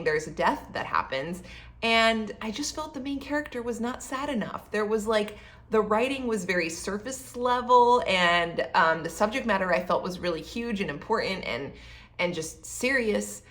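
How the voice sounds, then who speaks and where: A chatty woman in her thirties talks through a book she read, in an easy, rambling way. She keeps dropping fillers and acts out her own thoughts in little quoted asides. Her pitch sits right in the middle for a woman. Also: animated, moderate pace, fairly bright tone. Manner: chatty, many fillers like um and you know. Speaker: book vlogger. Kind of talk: casual book review.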